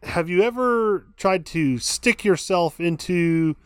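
A man's voice: high voice, slow, clear, resonant tone, dry recording, studio quality. A man co-hosting a podcast, telling a story in casual chat and laughing often. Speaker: podcast co-host.

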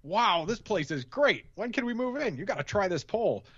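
A man putting on a giddy, excited voice to quote an eager character from a film, in a dull, dry recording. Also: husky, no room sound, full character voice. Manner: giddy, rapid, pitched-up impression.

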